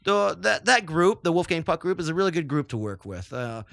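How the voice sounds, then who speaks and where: A man speaks in a loose, rambling way, packing his sentences with filler words as he chats about his work. His voice is bright and crisp. The recording is dry and close, with no room sound. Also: fairly high pitch, very animated, a little fast, no room sound. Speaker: chef guest. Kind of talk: casual interview talk.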